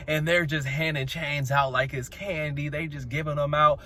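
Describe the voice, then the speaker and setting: A man hosting his channel, giving a sassy, slangy, dramatic recap of a reality show episode, with sudden high squeals. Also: steady tone, moderate pace, bright, forceful tone, slight background noise.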